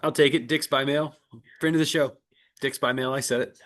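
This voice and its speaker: A man's voice: mid-range voice, steady tone, fairly quick, a bit bright. A man in his thirties co-hosting a podcast, reading a meme and tossing in dry, wry quips. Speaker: podcast co-host. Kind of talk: casual chat.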